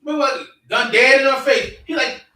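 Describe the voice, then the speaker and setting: A man chatting casually and telling an animated story, acting out voices with bursts of shouting. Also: extremely high pitch, brisk. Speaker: podcast co-host. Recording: echoey room, mic at a distance.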